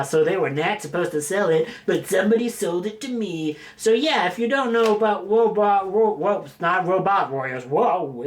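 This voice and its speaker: A man hosting a casual vlog about his film collection, rambling and joking at his own expense. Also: fairly high pitch. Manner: rambling, jokey, self-mocking. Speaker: video host showing his film collection.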